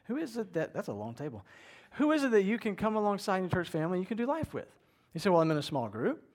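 A middle-aged pastor preaching in a conversational, animated way, acting out people's inner voices. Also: male voice, high-pitched, quick pace. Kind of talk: sermon.

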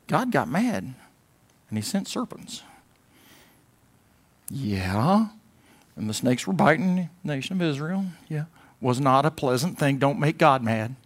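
A pastor preaching a sermon in a conversational way, moving between loud emphatic bursts and quiet asides, now and then mimicking whiny voices for a laugh. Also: male voice, mid-range voice. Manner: mimics whining voices in a comic way.

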